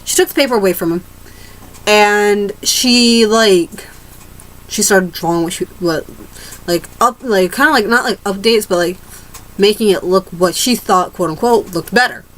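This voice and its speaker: A woman's voice: medium pitch, normal speed, low-quality recording. A teenage girl ranting to camera in a rambling, casual way, restarting her sentences and swearing freely. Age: teens. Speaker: vlogger.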